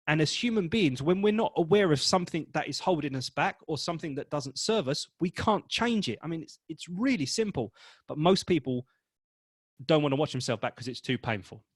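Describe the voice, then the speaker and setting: A man coaching professional advisors on public speaking, talking to the camera in an energetic, emphatic and blunt way. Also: a little high, brisk, slightly rough, no echo. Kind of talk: direct-to-camera coaching talk.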